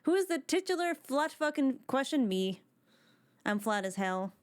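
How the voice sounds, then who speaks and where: A woman chatting on a casual live stream, excitable and rambling, with lots of "like" fillers. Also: sits high, moderate pace.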